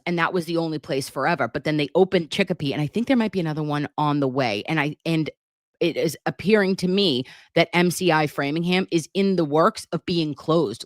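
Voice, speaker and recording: A woman's voice: sits low, dry recording, clean studio sound. A woman, hosting a casual livestream and reading viewer comments in a chatty, emotional way. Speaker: livestream host reading chat.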